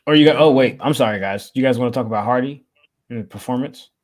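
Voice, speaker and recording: A man hosting a casual podcast, calmly leading the rundown and asking the others what they think. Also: mid-range voice, fast. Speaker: podcast host. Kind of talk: casual chat.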